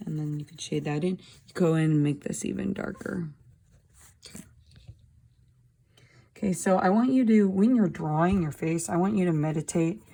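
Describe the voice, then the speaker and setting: A woman's voice: on the low side, normal speed, vocal fry, long pauses, mellow. A woman teaching a drawing lesson, talking through each step as she draws. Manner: talking while drawing, thinking aloud. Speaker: art teacher. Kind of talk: drawing demonstration.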